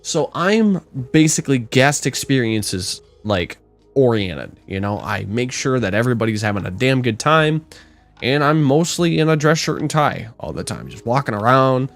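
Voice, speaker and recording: Animated, swearing young man telling stories. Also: mid-range voice, moderate pace, gravelly, soft background music. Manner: animated, swearing storyteller who acts out quotes loudly. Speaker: podcast co-host. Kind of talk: casual storytelling chat.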